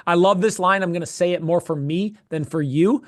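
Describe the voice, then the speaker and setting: A man coaching a role-play sales call, animated and profane, repeating short phrases in quick bursts. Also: high voice. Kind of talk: coaching feedback in casual chat.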